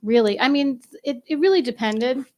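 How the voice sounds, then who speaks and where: A woman's voice: sits high, normal speed. A woman guest on a casual podcast, explaining her shows in an upbeat, chatty way. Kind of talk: casual interview chat.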